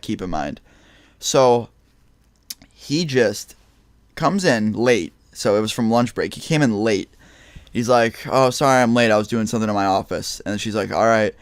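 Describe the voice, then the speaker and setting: A young man telling a storytime vlog in a casual, animated way, swearing and acting out the people in his story with loud outbursts. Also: fairly low pitch, normal speed, no echo, clean studio sound. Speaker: storytelling vlogger.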